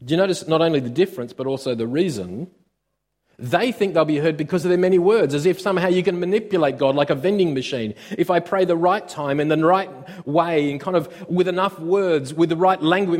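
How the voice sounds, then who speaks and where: A man preaching a sermon as a pastor, expressive, swinging between loud and quiet, with frequent hesitations and restarts. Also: on the high side, big-room sound.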